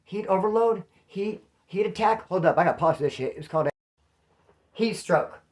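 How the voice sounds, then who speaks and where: A man's voice: high-pitched, animated, normal speed, darkish tone. A man telling prison stories in a casual, rambling way, full of street slang, stopping often to correct himself. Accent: Californian. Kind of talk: casual storytelling to camera.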